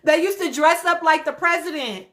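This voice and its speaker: A woman's voice: very high voice, normal speed, a bit bright. A woman hosting a casual livestream, laughing often and talking straight to her viewers. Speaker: livestream host. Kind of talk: casual live-stream chat reacting to comments.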